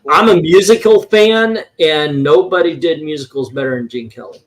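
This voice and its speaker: A man with a fairly high voice hosts a casual film chat. He talks in an animated, loose way and swears freely now and then. His delivery is excitable and conversational. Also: moderate pace. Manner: animated, swears casually, reads movie quotes aloud. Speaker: podcast co-host. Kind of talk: casual chat about classic films.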